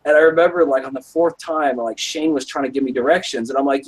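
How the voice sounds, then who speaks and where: A man's voice: fairly high pitch, quick pace, hardly any pauses, slightly rough, rough recording. A young man telling a rambling story on a live stream, swearing constantly and filling with "like". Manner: rambling, heavy swearing, lots of "like". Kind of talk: casual storytelling.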